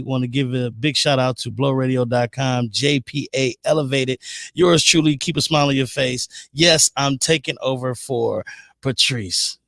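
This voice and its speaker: A man hosts a live internet radio show, talking casually and calling out listeners by name. His pitch swings widely as he gets excited, and his voice sits in a medium range. The sound is dry and close to the mic. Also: dry recording. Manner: animated, chatty, gives shout-outs. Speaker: guest radio show host.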